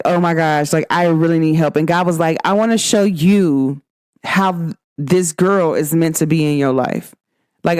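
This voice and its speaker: A woman from Cincinnati with a Cincinnati accent, hosting a casual spiritual talk show, chatty and full of slang, jumping up high in pitch when she quotes her friends. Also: dry recording, studio quality. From Cincinnati, Ohio. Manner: animated, swings up in pitch when quoting friends; chatty, many "like" fillers and slang. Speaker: podcast host.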